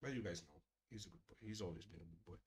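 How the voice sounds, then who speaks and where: A middle-aged man hosting a casual live stream, chatting with viewers in a joking, profane way and murmuring softly to his cat. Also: low-pitched, fast, breathy edge. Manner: profane, joking, addresses chat directly; drops to soft murmurs talking to his cat. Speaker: streamer hosting a creator hangout.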